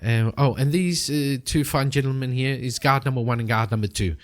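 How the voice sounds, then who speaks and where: A man voicing a polite, friendly adventurer who chats warmly with a stranger. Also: medium pitch, brisk, lightly acted. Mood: chatty. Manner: friendly and talkative.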